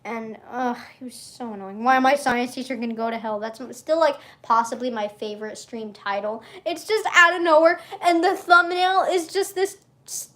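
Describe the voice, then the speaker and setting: A woman's voice: fairly high pitch, steady tone, moderate pace, few pauses, fairly bright tone. A young woman chatting casually on a livestream, rambling, interrupting herself and giggling often. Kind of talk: casual stream chat.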